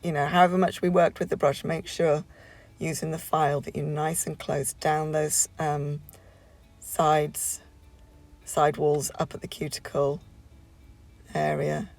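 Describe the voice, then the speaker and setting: Gravelly woman chatting through a tutorial. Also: low voice, level tone, unhurried, pauses often, darkish tone, soft background music. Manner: chatty, rambling, many fillers and restarts. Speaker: nail tutorial creator. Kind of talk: casual voiceover tutorial.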